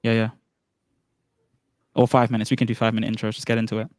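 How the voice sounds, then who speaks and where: A man's voice: fairly low pitch, completely flat delivery, fast, a little mellow, no echo. A man casually hosting a livestreamed debate, joking and teasing the others. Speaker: debate host.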